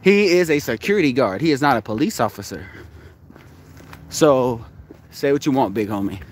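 A man's voice: medium pitch, animated, normal speed, a little hiss or hum. A man on a live-stream vlog, arguing and then muttering to himself, recorded outdoors in a parking lot at night on a handheld phone. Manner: agitated, argumentative, muttering to himself. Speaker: live streamer exploring locations.

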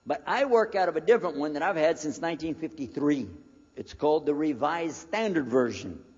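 An American man in his sixties telling a personal story as a preacher, animated and acting out the conversations he recalls. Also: on the high side, a little fast, husky. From United States. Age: 60s. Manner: animated storyteller who acts out the dialogue. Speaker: preacher giving a lecture. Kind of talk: storytelling lecture. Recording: dull lo-fi recording in a reverberant hall.

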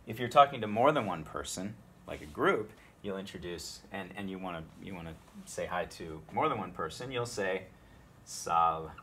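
A man teaching everyday spoken Latin phrases, explaining each one and repeating it slowly so learners can copy it. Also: sits low, expressive, fairly bright tone, slight background noise. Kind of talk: spoken language tutorial.

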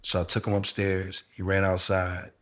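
A middle-aged man in a candid conversation, telling a personal story slowly and reflectively with casual slang. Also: low voice, completely flat delivery, fairly bright tone, a little hiss or hum. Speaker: interviewee sharing a personal story.

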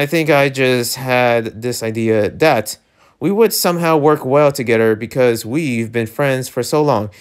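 A man voicing a gentle young man who is softly letting go of a longtime friend. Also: medium pitch, clean tone, natural voice. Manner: soft, apologetic.

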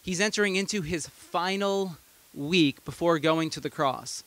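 A man's voice: a little high, measured pace, a bit bright. A man pastor preaching a sermon, retelling a story conversationally with amused asides.

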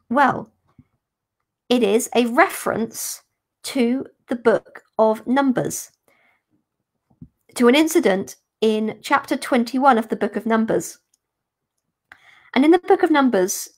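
A woman, a religious sister, explaining a gospel passage in a careful, unhurried teaching manner for a podcast. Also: a little high. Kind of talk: podcast scripture commentary.

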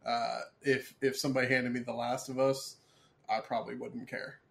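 A man co-hosting a casual gaming podcast, talking in a relaxed, rambling way. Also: medium pitch, moderate pace, creaky, crowd noise. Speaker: podcast co-host. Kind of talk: casual chat.

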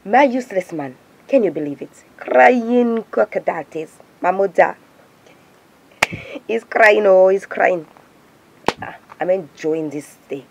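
A woman's voice: mid-range voice, unhurried, vocal fry, a little hiss or hum, low-quality recording. A woman playing a scornful, fed-up young adult daughter in a comedy sketch. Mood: gloating.

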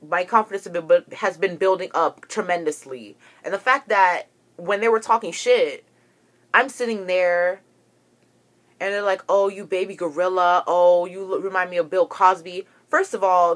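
A woman's voice: medium pitch, a bit bright. A young woman ranting to camera, agitated and profane as she tells a story about a falling-out. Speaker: vlogger.

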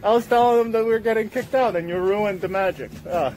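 Joking guy vlogging in a store aisle, high voice, rambly and playful, handheld cam. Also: fast, a little mellow. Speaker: host. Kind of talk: casual vlog chat. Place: big retail store aisle.

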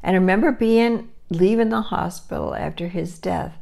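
A woman in her sixties hosts her own channel, chatting casually and telling a long, rambling story to the camera. Her voice sits fairly low and has a gravelly, fried edge. She restarts sentences and laughs softly now and then. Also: moderate pace. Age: 60s. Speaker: channel host. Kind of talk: casual chat.

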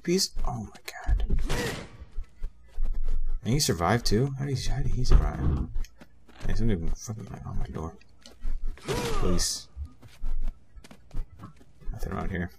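A man's voice: lowish voice, lively intonation, moderate pace, gravelly, pauses often, background noise. A young man casually commenting on a game he is playing, rambling with lots of fillers and talking back to the characters. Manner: rambling, many fillers, mutters to himself. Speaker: gameplay commentator. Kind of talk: casual let's play commentary.

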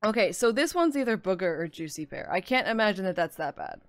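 A woman streaming a game with casual live commentary, excitable, swearing freely and laughing often. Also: mid-range voice, quick pace, no echo.

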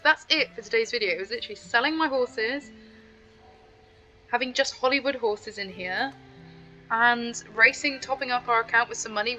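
A woman's voice: fairly high pitch, sharp tone, rough recording. A woman hosting a gaming channel, chatting casually to her viewers as she plays. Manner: chatty, talks straight to viewers. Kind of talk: casual gameplay commentary.

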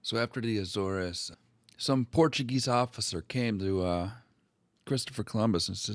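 A man's voice: lowish voice, moderate pace, no echo, studio quality. A man hosting a history video, retelling old documents in a casual, crude and irreverent way.

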